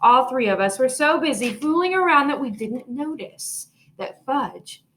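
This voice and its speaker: A woman's voice: sits high, lively intonation, unhurried, a little hiss or hum. Woman teacher reading to her class. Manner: gentle, encouraging teacher talk. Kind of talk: reading aloud to children. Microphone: home video recording.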